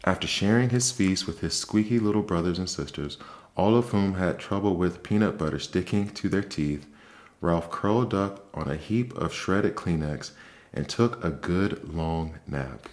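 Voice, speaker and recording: A man with a low, deep voice reads a children's book aloud, soft and calm. It is a gentle ASMR bedtime story meant to help the listener fall asleep. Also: moderate pace.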